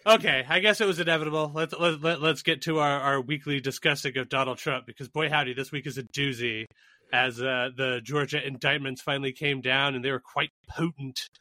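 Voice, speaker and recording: A man's voice: medium pitch, steady tone, brisk, pushed and bright, no echo. A man co-hosting a podcast, riffing in casual comedic chat, swearing and laughing often. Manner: profane, riffing, laughs often, mock voices. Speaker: podcast co-host.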